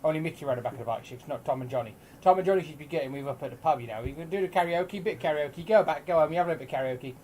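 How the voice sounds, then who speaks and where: A man's voice: a little high, very fast, few pauses, darkish tone, a little hiss or hum, lightly acted, poor audio. A man doing a gossiping Cockney troll. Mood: gossipy. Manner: rambling gossip, piling up "a bit of". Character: gossiping male troll, chatty and nosy.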